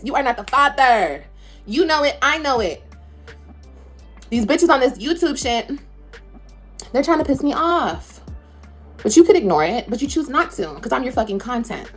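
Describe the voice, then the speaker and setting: Husky woman ranting, swinging pitch. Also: animated, a little fast, soft background music. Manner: confrontational, profane, sarcastic. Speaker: social media creator. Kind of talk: ranting to camera.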